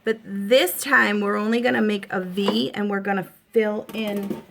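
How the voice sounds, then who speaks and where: A woman in her thirties with a Boston accent hosts a casual makeup tutorial at home, chatting reassuringly to the viewer with plenty of fillers. Her mid-range voice is steady, measured and creaky, with background noise present.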